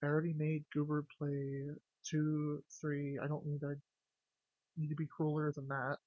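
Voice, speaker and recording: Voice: medium pitch, monotone, normal speed, no echo, narrow, tinny audio. A streamer chatting casually with viewers, jokey and loose, swearing freely. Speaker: game streamer.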